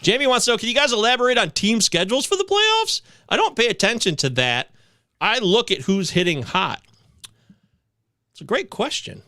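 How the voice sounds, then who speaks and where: A man's voice: high-pitched, big pitch swings, normal speed, sharp tone, no echo, studio quality. A man co-hosting a fantasy baseball podcast, joking and brash while reading out chat comments in casual banter. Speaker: podcast co-host.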